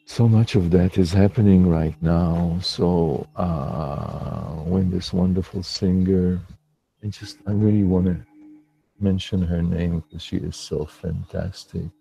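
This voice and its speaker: A man talking as a meditation teacher in a slow, reflective livestream talk, pausing and restarting often. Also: sits low, fairly even intonation, creaky, warm tone, slightly rough. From lives in New York City.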